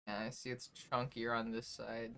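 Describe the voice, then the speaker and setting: A young woman streaming from home, talking loosely with her chat in a bright, forward voice. She sounds emotional, close to tears, and swears freely. Soft music plays faintly behind her. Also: rumbling low, flat delivery, normal speed, clean tone. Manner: chatty, swears freely, reads chat aloud. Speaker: livestreamer. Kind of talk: casual chat with stream viewers.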